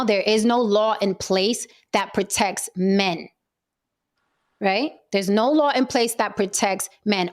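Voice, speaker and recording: A young adult woman hosting a heated panel discussion, firm and steady as she talks over interruptions to keep control. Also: medium pitch. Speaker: panel show host.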